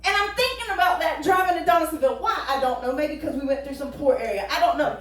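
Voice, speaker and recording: A woman's voice: sits high, fast talker, a bit bright. A woman pastor preaching a folksy, joking sermon full of rhetorical questions. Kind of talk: conversational sermon. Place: church sanctuary. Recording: echoey church hall, distant mic.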